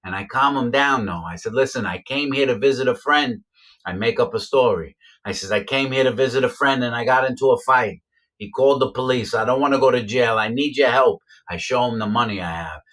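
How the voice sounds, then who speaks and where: A man casually recounting his own past, rambling with lots of fillers and repeating himself. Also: fairly quick. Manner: acts out quoted voices with sharp pitch jumps. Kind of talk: casual first-person storytelling.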